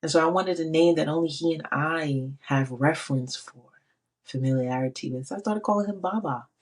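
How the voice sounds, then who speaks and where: Casting: middle-aged woman, low husky voice, emphatic testimony speaker who repeats phrases for weight. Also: brisk. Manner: emphatic, repeats phrases, quotes God in her own voice. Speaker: faith speaker. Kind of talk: personal testimony.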